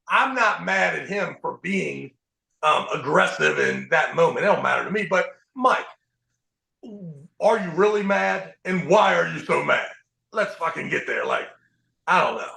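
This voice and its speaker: A man hosting a podcast, telling profane, animated stories in casual chat. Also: sits high, a little slow, creaky, echoey room, rough recording. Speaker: podcast host.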